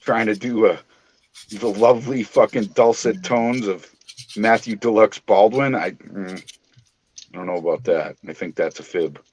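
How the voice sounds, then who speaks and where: A man's voice: lowish voice, a little slow, a little hiss or hum. A man with a New England accent hosting a casual livestream chat, swearing freely and joking with his co-hosts. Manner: profane, joking, animated.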